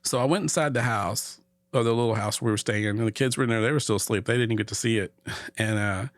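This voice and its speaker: A man's voice: fairly low pitch, fast, no room sound. A middle-aged man tells a story as a guest on a casual talk show. He throws himself into it and acts out every voice. The sound is dry and close, with little room in it. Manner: animated storyteller, acts out quotes. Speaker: podcast guest.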